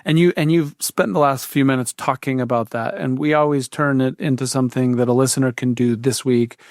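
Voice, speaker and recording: A man's voice: mid-range voice, fairly even intonation, a little fast, darkish tone, no echo, studio quality. A man co-hosting a podcast, who steers the conversation in a structured way toward practical takeaways. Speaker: podcast co-host.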